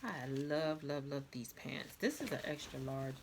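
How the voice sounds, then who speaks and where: A woman vlogger with a stuffy nose, chatting casually through a clothing haul, repeating herself and filling pauses with "um". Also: extremely low pitch, expressive, noisy background. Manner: chatty, repetitive, many fillers. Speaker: fashion vlogger.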